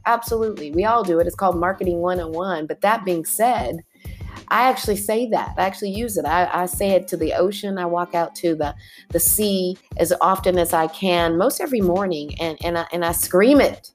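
A woman hosting a motivational podcast, talking listeners through guided breathing. She speaks in a lively, colloquial way and drops in "y'all" asides. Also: fairly low pitch, brisk, soft background music. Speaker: podcast host.

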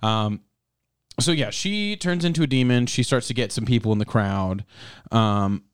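A man's voice: medium pitch, normal speed, smooth, dry recording, clean studio sound. A man hosting a casual movie-review chat who laughs often, swears freely and rambles.

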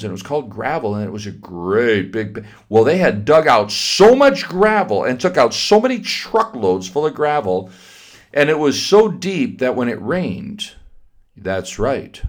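An older man tells a bedtime-style story to children in a homespun, folksy way. He repeats words, stumbles over starts, and asks his little listeners questions along the way. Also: mid-range voice. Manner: folksy, repetitive, talks to children.

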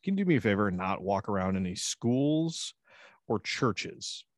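A man with a fairly low voice chats as podcast co-host. He tells rambling stories full of swearing and laughter. His voice sits close and dry, with no room sound around it. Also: big pitch swings, moderate pace, dry recording. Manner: profane, laughing storyteller. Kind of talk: casual banter.

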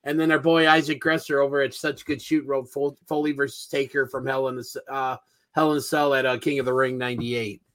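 A man's voice: mid-range voice, little pitch movement, a little fast, fairly bright tone. A man co-hosting a casual podcast, reading out listener answers with lots of fillers. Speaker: podcast co-host. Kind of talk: casual chat.

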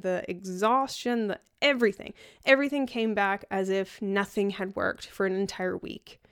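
A woman's voice: mid-range voice, clean tone. A young woman candidly recounting her hospital stay in a personal video diary, emotional and at times tearful. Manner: candid, emotional, storytelling with quoted dialogue. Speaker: patient telling her hospital story.

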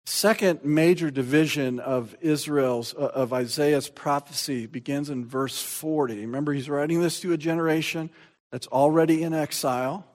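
A man preaching a sermon, reading scripture aloud with emphasis and swinging from soft, slow passages to loud, shouted proclamation. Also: a little high, fairly even intonation.

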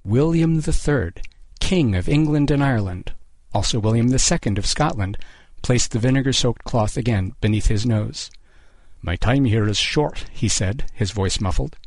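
A man reading a short story aloud as narrator, in a steady, measured way. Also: mid-range voice, dry recording.

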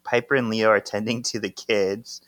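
A man's voice: lowish voice, little pitch movement, normal speed, a bit bright, no echo. A man co-hosting a podcast, casually recapping a comic and acting out the characters' lines in playful voices. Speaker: podcast co-host.

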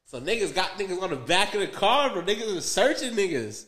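A man's voice: sits high, sing-song, fairly quick, a bit bright. A young man on a podcast, telling a rambling story in loose, profane slang with lots of fillers and asides. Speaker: podcast co-host. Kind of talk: casual storytelling.

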